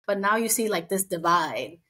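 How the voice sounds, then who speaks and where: A woman co-hosting a casual podcast, recapping a reality show and acting out quotes in lively voices. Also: medium pitch, normal speed, breathy edge. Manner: chatty, acts out quotes in animated voices. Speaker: podcast co-host.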